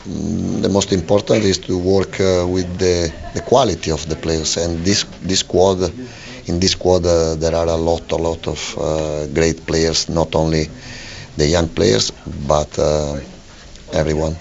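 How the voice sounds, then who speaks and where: Manager, male, very low and gravelly, halting speech with many restarts, lo-fi radio. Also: flat delivery, darkish tone. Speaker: football manager. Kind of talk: post-match radio interview. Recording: lo-fi radio broadcast.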